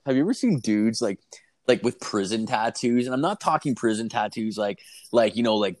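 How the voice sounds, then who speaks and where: A man's voice: lowish voice, expressive, a little fast, no room sound. A young man chatting casually on a podcast, telling profane, rambling stories about his work. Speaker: podcast co-host. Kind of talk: casual chat.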